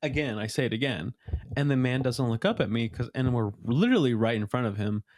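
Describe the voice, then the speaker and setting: A young man hosts a podcast, telling a story in a casual chat with a mid-range, darkish voice at a brisk pace. He's highly animated and laughs often, and there's a little hiss or hum in the recording.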